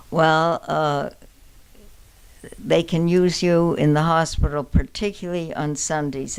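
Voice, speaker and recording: An older woman telling stories from her life in an interview, halting, with many restarts and pauses, and laughing as she recalls them. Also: low voice, gravelly, darkish tone, clear, resonant tone. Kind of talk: reminiscing storytelling.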